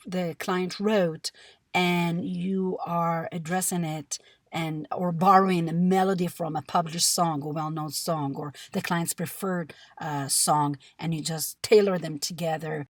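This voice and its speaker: Measured low-voiced woman teaching. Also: no room sound, studio quality. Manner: measured, explanatory, with frequent fillers. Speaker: music therapist. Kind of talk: instructional presentation.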